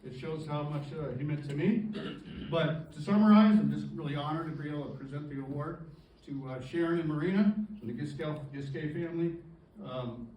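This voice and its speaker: A man presenting an award with a halting, emotional tribute speech, pausing to clear his throat as he gets choked up. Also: fairly high pitch, mellow, dull audio. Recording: roomy distant recording with faint ambience.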